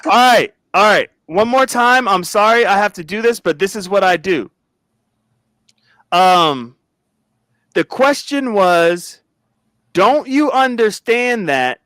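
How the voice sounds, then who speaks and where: A man hosting a reaction commentary in a high, very lively voice that swoops up and down. He talks dramatically and exclaims a lot, recorded close and dry with no room sound. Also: takes it slowly, pauses often, no echo. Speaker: host.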